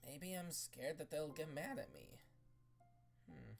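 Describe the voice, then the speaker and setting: Lady doing a scared teen girl in a storybook read, low and unsure, stop-start. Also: lively intonation, gravelly, faint music behind, full character voice. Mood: troubled. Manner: halting, hesitant, quietly troubled. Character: shy insecure teenage girl, conflicted and scared.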